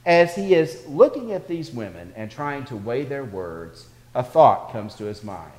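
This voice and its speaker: A male pastor preaching to a congregation from a reverberant hall, his voice ringing on with a long tail of echo. He tells stories in a steady voice of middling pitch and swells in volume as he draws his points out. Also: normal speed, hardly any pauses. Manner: storytelling preacher, builds in volume for anecdotes. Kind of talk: sermon. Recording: echoey hall.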